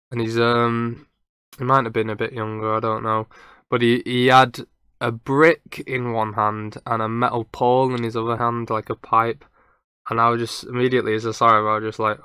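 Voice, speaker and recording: A young man tells a story in a chatty, meandering way, stopping to correct his own details. His voice is bright and crisp, and the sound is dry and close. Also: mid-range voice, dry recording. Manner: rambling, self-correcting, chatty. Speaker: podcast host. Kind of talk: casual storytelling.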